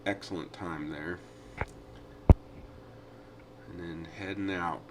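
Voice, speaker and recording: A man's voice: sits low, fairly even intonation, normal speed, heavy background noise. A man narrating his own riding footage as a casual voice-over, easygoing and rambling with frequent fillers. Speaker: adventure riding vlogger.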